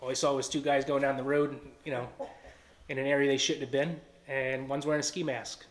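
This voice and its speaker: A man's voice: mid-range voice, level tone, brisk, slight background noise. A man with a Philadelphia-area accent giving an earnest personal testimony and acting out quoted dialogue. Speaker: testimony speaker.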